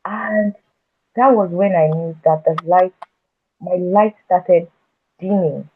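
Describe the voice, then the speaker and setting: A woman's voice: fairly low pitch, a little hiss or hum. Woman guest telling her story, earnest, keeps restarting her sentences, thin phone-like sound. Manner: halting, with frequent restarts and repeated words; earnest and emotional when recounting her past. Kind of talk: personal storytelling in a conversation. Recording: tinny phone-like audio.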